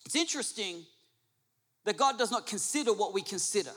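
A man's voice: high-pitched, expressive, a little fast, fairly bright tone, slightly rough, big-room sound. A male pastor preaching a sermon to a congregation, emphatic, repeating his phrases and asking the room questions. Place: church hall with an audience.

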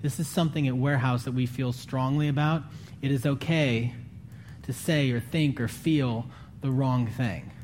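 A man preaching a sermon in an earnest, conversational way, his voice climbing higher when he pleads. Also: steady tone, moderate pace, darkish tone, slight background noise. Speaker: pastor.

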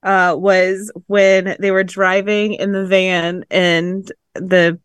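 A woman's voice: mid-range voice, level tone, slow pace, clear, resonant tone, no room sound. Woman, podcast co-host, blunt, profane, laughs a lot, dry close sound. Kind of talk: casual crude banter.

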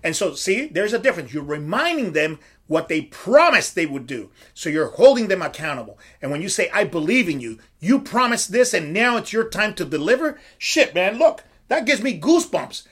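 A man's voice: high-pitched, sing-song, normal speed, hardly any pauses, fairly bright tone, slightly rough. A middle-aged man hosting a podcast, talking like a coach who swears freely and asks and answers his own questions. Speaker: podcast host and strength coach. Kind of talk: casual podcast talk.

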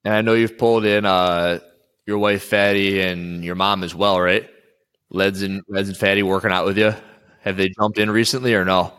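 A man's voice: sits low, flat delivery, normal speed, a bit bright, clean tone. A man coaching and interviewing an athlete in a casual chat, rambling and restarting his sentences often.

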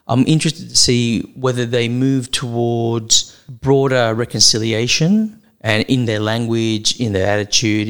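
Thoughtful Australian man hosting a podcast. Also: mid-range voice. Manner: thoughtful, musing aloud with restarts. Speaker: podcast co-host. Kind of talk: casual conversational podcast.

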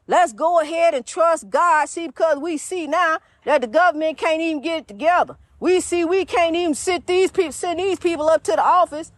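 A woman's voice: very high-pitched, normal speed, few pauses, no room sound. A woman preaching informally in a rhythmic, repetitive style, urging listeners on and calling them honey.

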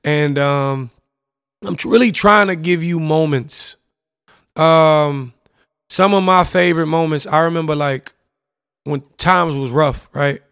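Gravelly young man reminiscing candidly. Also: a little high, slow pace, a bit bright, dry recording, studio quality. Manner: casual, candid storytelling with slang, profanity and frequent "you know what I'm saying". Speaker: podcast host. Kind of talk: reflective personal monologue.

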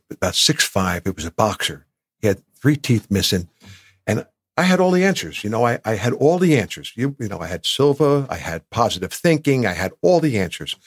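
Here the same kind of speaker, a New Jersey man in his sixties guesting on a podcast, tells candid stories about his life, emotionally voicing other people's lines. The sound is clean studio quality with no room sound, and his voice is fairly low, gravelly and husky.

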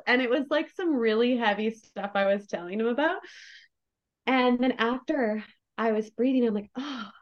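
A woman's voice: a little high, normal speed. A woman podcast guest telling a personal story in a candid, effusive way, full of "like" fillers. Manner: effusive, emotionally open, many "like" fillers. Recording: dull lo-fi recording.

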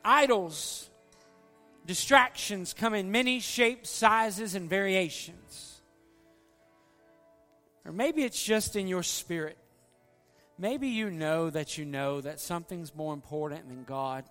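High-pitched, a little slow, and fairly bright, this pastor's voice fills a church sanctuary with long hall reverb and faint background music. His sermon is folksy and earnest as he pleads with the congregation at the altar call.

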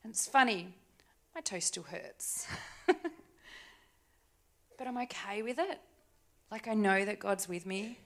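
A woman preaching a sermon in a church, talking conversationally with tag questions and dropping to soft, hushed asides. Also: mid-range voice, takes it slowly, pauses often. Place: church stage.

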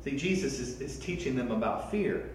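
A man preaching a sermon as a pastor, animated and often repeating words as he starts a sentence. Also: mid-range voice, normal speed, heavy reverb, recorded from a distance, slight background noise, poor audio.

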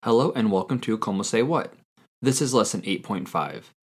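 A man hosting a language-learning podcast, reading a quiz and repeating each answer slowly and carefully. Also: fairly low pitch, lively intonation, husky. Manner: slow, careful repetition of answers. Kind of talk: scripted language lesson quiz.

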